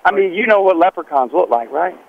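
A man's voice: high-pitched, animated, fairly quick, vocal fry, lo-fi sound, slight background noise. A man hosting a radio prank bit, playful and teasing, often breaking into laughs.

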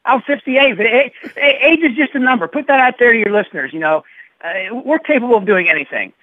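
Halting man in his fifties on a phone. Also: very high voice, expressive, dry recording. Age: 50s. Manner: halting with fillers, upbeat. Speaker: guest. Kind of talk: casual phone interview. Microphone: phone line. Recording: tinny phone line.

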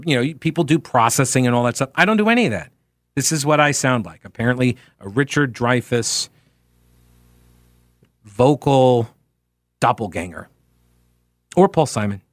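Nasal radio host with a Long Island accent. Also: male voice, on the high side, a bit bright, no echo, clean studio sound. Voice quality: a little nasal. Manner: chatty, rambling, wry asides with many fillers. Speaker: radio talk show host. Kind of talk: casual talk radio monologue. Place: radio studio. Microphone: studio microphone.

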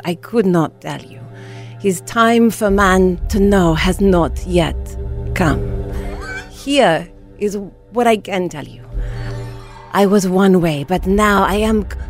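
A radio co-host voicing a young healed woman of faith with a put-on Middle Eastern accent and rolled R's, solemn and slow. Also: medium pitch, natural voice. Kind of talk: radio show acting challenge.

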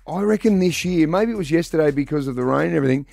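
A man's voice: on the high side, animated, racing, vocal fry, a little mellow, no room sound. A man in his forties with an Australian accent, co-hosting a radio show and telling jokey, blokey stories in casual banter. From Melbourne area, Australia. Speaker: radio co-host.

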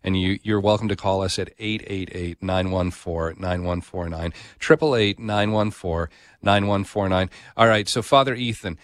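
A male radio host with a lowish voice welcomes listeners in a friendly, plain manner, slipping in small "uh" fillers. The studio sound is close and dry. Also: normal speed, dry recording. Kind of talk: call-in radio hosting.

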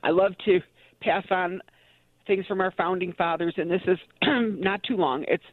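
A woman's voice: lowish voice, measured pace, no echo. Effusive woman caller on a dull phone line. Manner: effusive and emotional. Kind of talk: phone-in call. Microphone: telephone.

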